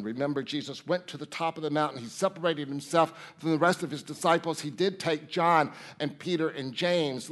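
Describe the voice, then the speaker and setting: A man with a fairly high voice delivers a sermon from the pulpit of a church. He preaches emphatically, circling back to repeat key phrases. He speaks straight to his listeners with rhetorical questions. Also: fairly bright tone. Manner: addresses listeners directly, asks rhetorical questions. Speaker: minister. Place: church sanctuary.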